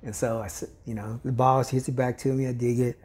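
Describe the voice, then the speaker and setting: Here a medium-pitched, fast-talking older man from Kentucky, a volleyball coach appearing on a podcast, spins a story in casual talk. He's animated throughout, acting out quoted voices and laughing often.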